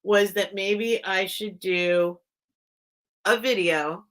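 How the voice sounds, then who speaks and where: A woman's voice: mid-range voice, fairly even intonation, slow pace, a bit bright. A woman hosting a casual live sale stream, chatting with viewers in a rambling, apologetic way and breaking off mid-sentence. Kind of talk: casual livestream chat.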